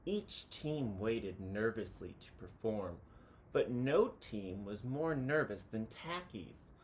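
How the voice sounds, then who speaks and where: A man reading a children's picture book aloud, chanting the counting cheers with animated delivery. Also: fairly low pitch, takes it slowly, slight background noise.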